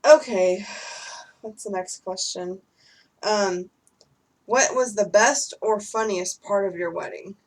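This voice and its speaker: A woman's voice: medium pitch, slow pace, pauses often, far from the mic, poor audio. A young woman chatting casually with her husband, rambling with many fillers. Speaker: vlogger answering questions with her husband. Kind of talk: casual chat.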